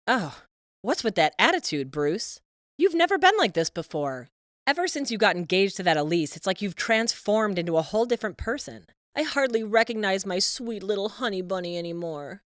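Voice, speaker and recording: A woman's voice: medium pitch, expressive, moderate pace, dry recording, studio quality, natural voice. A woman voicing an overbearing, scheming middle-aged mother who talks in a cloying, possessive, sing-song way. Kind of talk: animated story voice-over.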